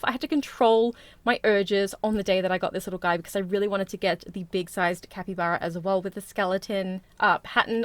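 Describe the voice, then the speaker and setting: A woman hosting a casual haul vlog, bubbly and chatty, talking fast and gushing over her finds. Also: mid-range voice, no room sound. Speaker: plush collecting vlogger.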